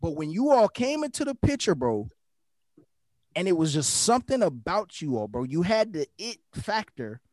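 A man's voice: sits high, very animated, moderate pace, a little mellow, no room sound, clean studio sound. A young man in casual chat with friends, emphatic and heartfelt, cursing freely and repeating himself for weight.

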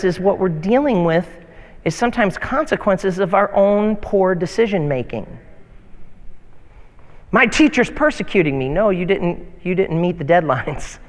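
A man preaching a sermon as a pastor in a church, animated, with mocking whiny voices when he quotes complainers. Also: sits high, fairly quick, in a large hall. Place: church sanctuary.

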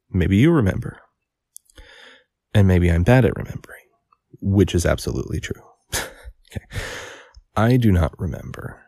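A man's voice: low voice, vocal fry, mellow, breathy edge, dry recording, clean studio sound. A man reading a mystery novel aloud, stopping to correct himself and chat about the text. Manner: pauses to correct and comment on his reading. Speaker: audiobook reader. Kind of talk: casual read-aloud with commentary.

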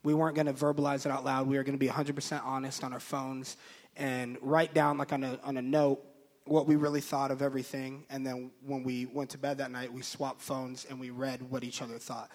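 A man in his thirties, a pastor telling a personal story from the pulpit, animated and acting out the voices of the people he quotes. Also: medium pitch, brisk. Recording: long reverb of a large hall.

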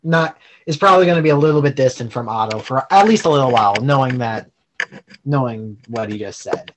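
A man's voice: mid-range voice, a little fast, noisy background. A man taking part in a casual tabletop role-play discussion, thinking aloud and finishing others' sentences. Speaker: player.

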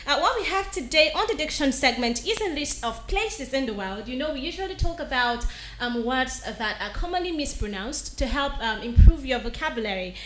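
A woman from Nigeria presenting a radio diction segment, spelling place names slowly and repeating each one carefully. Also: high-pitched, expressive, roomy sound. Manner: slow deliberate spelling, repeats each word. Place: radio studio.

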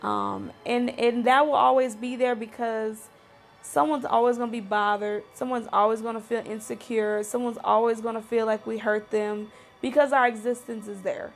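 A woman's voice: a little high, fairly even intonation, moderate pace, creaky, soft background music. A woman hosting a video series, speaking fervently and with frustration to her viewers, full of fillers and restarts. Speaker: series host addressing viewers. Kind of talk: impassioned personal commentary to camera.

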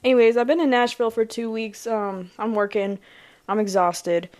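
A woman co-hosting a podcast in casual chat, talking in a chatty, animated way. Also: a little high, moderate pace. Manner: chatty, animated, tired after long workdays. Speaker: podcast co-host.

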